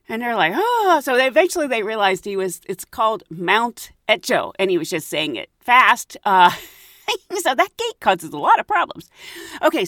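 A woman's voice: mid-range voice, fairly bright tone, no room sound, studio quality. A woman casually telling a travel story, acting out the voices of the people in it and laughing often.

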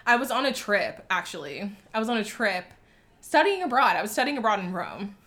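A woman in her twenties telling a story in casual chat, animated, laughing and saying "like" a lot. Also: mid-range voice, fairly quick. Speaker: storyteller guest.

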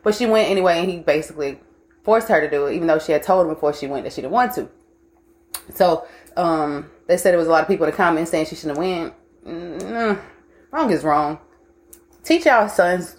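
A young woman hosting a casual livestream, blunt and profane, mixing life lessons with frequent laughter. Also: sits low. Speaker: host.

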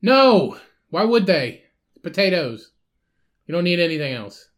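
A male podcast co-host with a notably high-pitched voice. He chats casually, talks bluntly and teases his partner, with plenty of swearing. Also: sing-song, measured pace, a bit bright. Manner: profane, mocking, blunt. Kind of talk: casual chat.

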